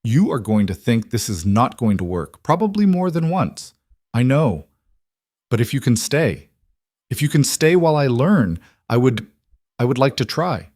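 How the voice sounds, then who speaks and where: A man's voice: on the low side, lively intonation, darkish tone, no room sound, clean studio sound, natural voice. A man voicing a restrained mafia boss. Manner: halting, restrained, holding back tears. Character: hardened young mafia boss, restrained and halting. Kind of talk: audiobook dialogue reading.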